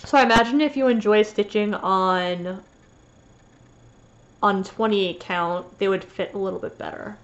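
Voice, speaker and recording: A woman's voice: mid-range voice, unhurried, muffled recording, a little hiss or hum. A woman vlogging about her cross-stitch finishes in a casual, rambling show-and-tell chat, with a slight lisp and lots of fillers and restarts. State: sniffly after sneezing.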